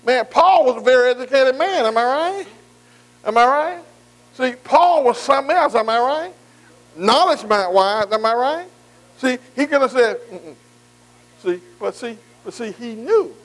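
A man's voice: very high-pitched, animated, measured pace, rough recording. A man leading a bible study in a conversational preaching style, folksy and informal, who keeps checking in with listeners. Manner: repetitive "see" and "am I right", engaging the room.

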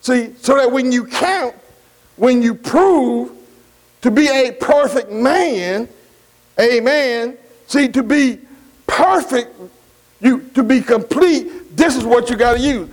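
A man preaching a sermon, slow and emphatic, repeating key words, asking his congregation questions and punctuating lines with amens. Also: extremely high pitch, rough recording.

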